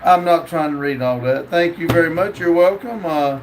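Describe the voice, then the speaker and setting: A man's voice: fairly high pitch, normal speed, background noise. A man, hosting a live stream and reading viewer comments aloud in an easygoing way, with plenty of uhs. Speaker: livestream host reading chat. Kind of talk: casual livestream chat.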